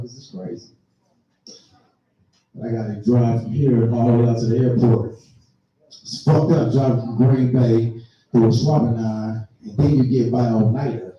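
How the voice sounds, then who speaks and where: A middle-aged man doing a profane, animated stand-up comedy set at a live venue. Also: mid-range voice, highs cut off. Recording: very echoey live room, mic far off.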